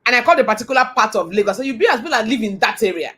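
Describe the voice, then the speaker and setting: A middle-aged woman with a Nigerian accent delivers a motivational talk. Her voice sits a little high. She tells her stories with animation and earnest conviction. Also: expressive, very fast, fairly bright tone, slightly rough. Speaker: motivational speaker.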